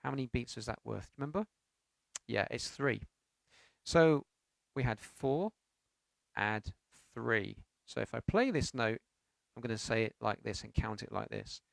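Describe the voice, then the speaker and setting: A man's voice: medium pitch, measured pace, vocal fry, pauses often, dry recording. A man teaching a beginners' piano lesson, explaining notes patiently and counting beats aloud with sung syllables. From United Kingdom.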